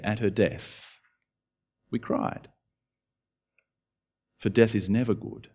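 A man preaching a sermon, sinking to hushed words and climbing to urgent questions. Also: mid-range voice, dull audio. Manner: expressive preaching, dropping to hushed tones and rising to urgent questions. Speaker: pastor.

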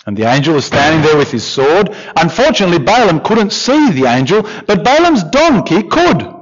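Give me a fairly high-voiced man preaching a sermon with lively, expressive delivery. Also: normal speed. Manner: expressive, with questions and emphatic repetition. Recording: dull lo-fi recording.

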